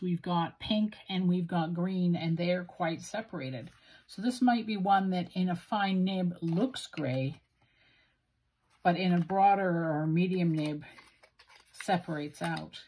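A woman's voice: lowish voice, darkish tone, breathy edge. A woman with a Western Canadian accent, musing aloud in a self-deprecating way as she swatches inks. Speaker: stationery video host. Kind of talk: casual narrated ink swatching.

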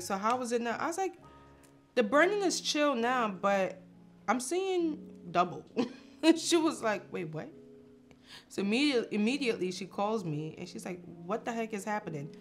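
A young woman telling a personal story, laughing and acting out what others said. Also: a little high. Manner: animated, laughing, acts out quotes. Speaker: vlog host. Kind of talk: casual storytelling.

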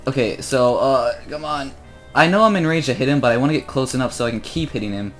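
A sixteen-year-old boy chatting casually through his own gameplay, joking about himself and growing loud and excited when he fights. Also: medium pitch, fast, faint music behind. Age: teens. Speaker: gamer commentating his own play.

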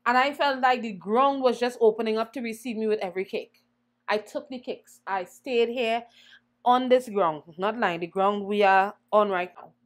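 Animated woman telling her story. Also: on the high side, normal speed. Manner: animated, acts out quoted voices. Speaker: interview guest, singer. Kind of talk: conversational storytelling.

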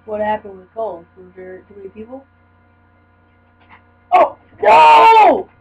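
A young woman commentating her own gameplay, mumbling at times and then yelling and screaming in frustration. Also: little pitch movement, quick pace, muffled recording. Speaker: gamer. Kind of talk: let's play commentary. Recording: low mains hum.

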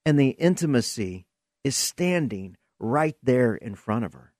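A man's voice: medium pitch, very animated, unhurried, a little mellow, no echo, studio quality. A man hosting a podcast, giving an earnest, emphatic preaching-style monologue with vivid storytelling. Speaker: podcast host.

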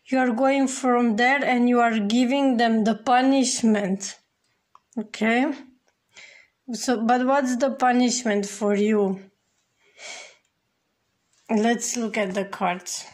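A woman giving a casual tarot reading to the camera, speaking slowly and addressing the viewer directly. Her voice sits slightly high. Her talk is loose, full of "like" and "you know". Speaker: tarot reader.

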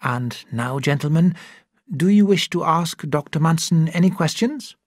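A formal male committee secretary, as the story's reader puts him on speaks in a measured, official tone. The delivery is slow and a little husky. It sounds dry and close. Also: mid-range voice, animated, no room sound, pitched above the performer's own voice.

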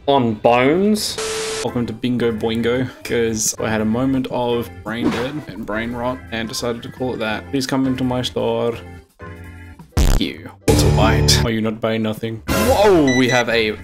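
A man's voice: medium pitch, a little slow, loud music behind the voice. Joking Australian gaming streamer man. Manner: joking, swearing, excitable outbursts. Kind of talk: casual gameplay commentary.

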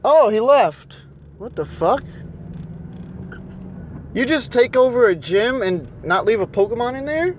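A young man talking to himself while he plays a phone game, frustrated and swearing, a little hoarse from losing his voice. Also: very high-pitched, big pitch swings, measured pace, pauses often, a little hiss or hum. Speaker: vlogger playing a mobile game. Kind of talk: casual vlog commentary.

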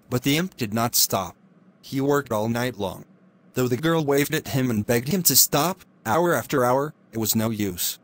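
A man narrating a classic fairy tale in a steady, clear reading voice. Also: mid-range voice, normal speed. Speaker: storyteller.

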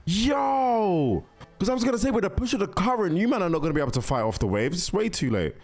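A man hosting a casual movie reaction, chatty and excitable, talking straight to the characters on screen. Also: high voice, fast talker, faint music behind. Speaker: reaction video host.

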